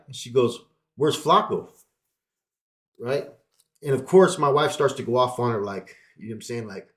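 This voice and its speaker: A man casually telling a personal story straight to his viewers, swearing often and packing his talk with fillers. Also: medium pitch. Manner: profane, animated storytelling with lots of fillers.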